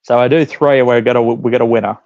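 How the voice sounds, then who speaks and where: A man's voice: medium pitch, fairly even intonation, quick pace, a little mellow. A man answers interview questions in an easygoing, laid-back way. His voice sits in a middle range, and the sound is dull and lo-fi. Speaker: guest. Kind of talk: casual interview.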